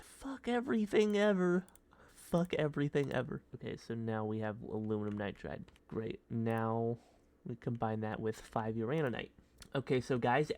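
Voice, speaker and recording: Young male streamer, mid pitch, silly rambling game commentary, keys clacking. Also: darkish tone. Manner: silly, rambling, bursts into high yelps. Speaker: gaming streamer. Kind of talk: casual gameplay commentary.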